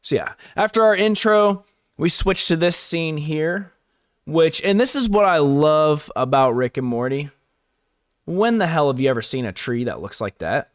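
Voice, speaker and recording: A man's voice: fairly high pitch, expressive, measured pace, no echo, clean studio sound. A man giving a casual, rambling live-stream recap, full of fillers and chuckling asides.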